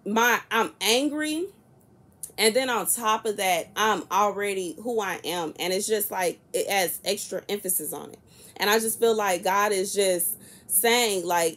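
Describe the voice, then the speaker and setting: A woman in her early thirties, talking casually to camera in a soft-spoken, chatty and rambling way. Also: medium pitch, measured pace. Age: 30s. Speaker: prophetic content creator.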